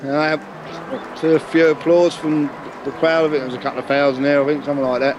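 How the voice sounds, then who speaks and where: A man's voice: fairly high pitch, flat delivery, fast, over music, rough recording. A middle-aged man, telling a long casual story with many restarts and chuckles. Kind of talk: casual anecdote.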